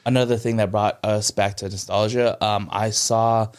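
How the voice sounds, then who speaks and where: A man's voice: on the low side, flat delivery, moderate pace, clear, resonant tone. A man co-hosting a casual podcast chat, rambling with many ums and restarts and jumping into a raised voice when he quotes people. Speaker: podcast co-host.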